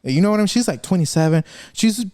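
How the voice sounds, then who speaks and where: A man's voice: high-pitched, lively intonation, fast, dark tone, no room sound. A man hosting a casual podcast, telling stories in a rambling, profane way and laughing often. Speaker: podcast host.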